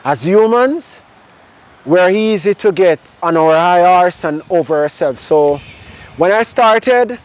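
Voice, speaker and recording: A man with a Jamaican accent sharing his personal testimony in a conversation, telling it in a lively way with bits of patois. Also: high voice, takes it slowly. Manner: animated storyteller mixing in patois. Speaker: interview guest.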